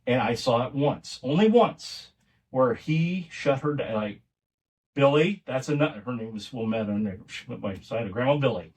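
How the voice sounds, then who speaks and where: Sitting far from the mic, a middle-aged podcast guest recounts family stories in a relaxed, meandering way, frequently restarting. His voice is medium-pitched, a little mellow, at normal speed.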